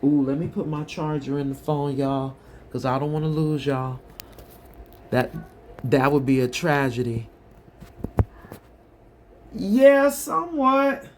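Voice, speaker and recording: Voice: medium pitch, fairly even intonation, normal speed, darkish tone, a little hiss or hum. A tarot reader giving a collective reading in a casual, chatty way, talking straight to the viewers.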